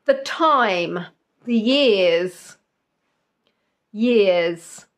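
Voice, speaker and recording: A woman's voice: mid-range voice, animated, very slow. Lady hosting a quiz stream, laughs a lot, goofy tangents, takes her time. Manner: giggly, jokey, rambling asides. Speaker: quiz host. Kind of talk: casual live-stream chat.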